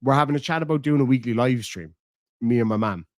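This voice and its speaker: A man's voice: medium pitch, fast, no room sound, studio quality. A man with an Irish accent chatting casually on a live stream, crude and joking. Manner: crude, joking, insults freely.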